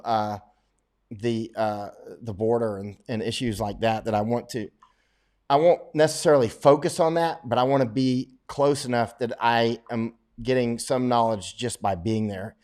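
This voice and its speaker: A man's voice: on the low side, darkish tone. A middle-aged American man from Florida, rambling casually as he answers viewer questions on a livestream, often restarting and laughing as he talks. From Florida, United States.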